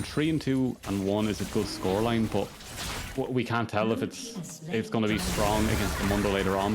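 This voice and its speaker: Male esports caster, low voice, quick play-by-play, music bed underneath. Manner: fast play-by-play with rambling asides. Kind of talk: live esports commentary.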